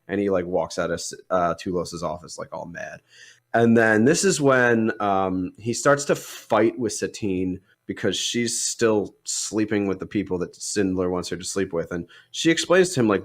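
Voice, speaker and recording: A young man with a low voice, co-hosting a podcast, casually retells a film's plot at normal speed. His movie discussion rambles, packed with "like" and "um."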